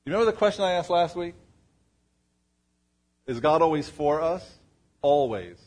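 A man's voice: on the high side, lively intonation, normal speed, darkish tone. A man preaching to a congregation, asking them questions in a conversational way. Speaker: pastor. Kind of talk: sermon. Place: church before a congregation.

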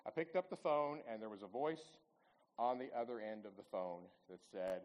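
A man's voice: on the low side, animated, moderate pace, muffled recording. A man in his sixties giving a folksy storytelling talk at church, chatting with the audience and asking them questions. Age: 60s.

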